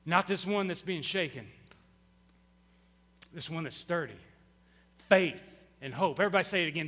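A man preaching a sermon as pastor, rising into loud shouted bursts. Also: on the high side, expressive, normal speed, pauses often. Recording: long hall reverb.

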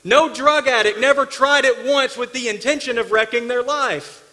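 A man preaching a sermon, his voice high and bright with a sharp edge. He swings from forceful bursts to quiet, intimate asides. The sound carries a long echo, as if it fills a church hall. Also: moderate pace. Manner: emphatic preacher, swinging between loud bursts and hushed asides. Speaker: pastor. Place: church sanctuary.

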